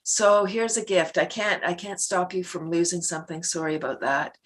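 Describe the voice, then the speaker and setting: Laughing, animated middle-aged woman. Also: on the low side, moderate pace. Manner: animated, laughs often, acts out little scenes. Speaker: podcast guest, laughter yoga practitioner. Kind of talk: casual interview talk.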